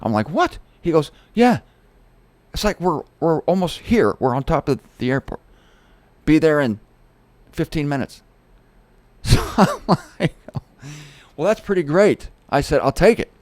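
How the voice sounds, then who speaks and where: A middle-aged man hosting his show, telling a personal story in a casual, animated way and acting out the voices of the people in it. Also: on the high side, a little slow, long pauses, no room sound. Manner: animated, quoting others in acted-out voices. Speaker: host.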